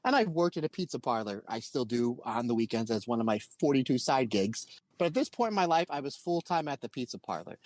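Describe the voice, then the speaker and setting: A man from Pennsylvania, USA, co-hosts a podcast and spins a long, animated anecdote in casual conversation, acting out the quotes. His mid-range voice is brisk, with hardly any pauses.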